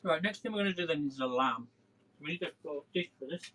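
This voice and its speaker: A man with a slightly high voice and lively intonation hosts a casual live cooking demo in his home kitchen, talking a little fast. He rambles and chats to viewers as he works, and the recording is very noisy.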